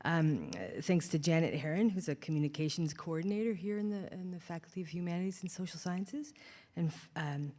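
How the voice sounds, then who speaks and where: A woman's voice: on the low side, a little mellow. A woman organizer giving thanks at a public university event in a chatty, grateful and slightly emotional way. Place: university lecture hall.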